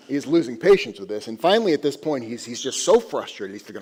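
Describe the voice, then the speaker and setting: A man giving a sermon as a rabbi, an animated, conversational storyteller speaking in a synagogue sanctuary. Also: fairly high pitch, fast talker, breathy edge. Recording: echoey sanctuary.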